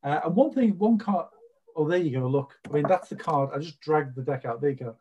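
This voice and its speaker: A man's voice: on the high side, lively intonation, brisk, mellow, slightly rough, muffled recording. A man hosting a podcast, giving a casual card reading in a rambling, chatty way. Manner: chatty, rambling, full of fillers. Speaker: podcast host and card reader. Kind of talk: casual psychic reading chat.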